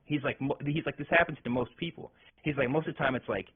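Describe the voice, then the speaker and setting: Husky man telling a rambling story. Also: fairly high pitch, fast talker, hardly any pauses. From Arkansas. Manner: profane, rambling, lots of restarts and fillers. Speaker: podcast guest, metal vocalist. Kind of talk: casual storytelling chat. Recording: tinny phone-like podcast audio.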